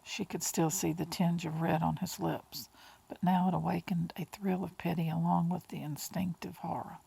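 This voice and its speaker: A woman reading an audiobook in a slow, hushed way, with breathy whispered words. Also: fairly low pitch, flat delivery, poor audio. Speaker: audiobook narrator. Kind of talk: audiobook narration.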